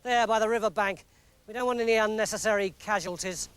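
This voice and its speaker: A man's voice: high voice, steady tone, fast, fairly bright tone, smooth. A man voicing a cruel, haughty male general who sneers and barks orders. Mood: smug.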